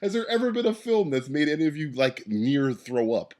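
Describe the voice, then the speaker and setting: A man's voice: on the high side, sing-song, fairly quick, darkish tone. A man hosting a casual movie podcast, laughing often and restarting his sentences. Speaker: podcast host. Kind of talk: casual chat.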